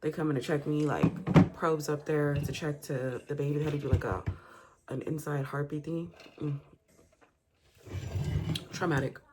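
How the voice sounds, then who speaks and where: A woman's voice: low voice, fairly even intonation, moderate pace, long pauses, very noisy. A young woman vlogger, telling a story in casual, profane chat and acting out the quotes. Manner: candid and profane, acts out quotes.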